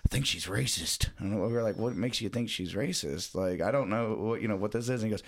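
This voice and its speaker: A man's voice: fairly low pitch, fairly quick, hardly any pauses. A man in casual podcast chat, telling rambling stories and swearing freely. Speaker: podcast co-host.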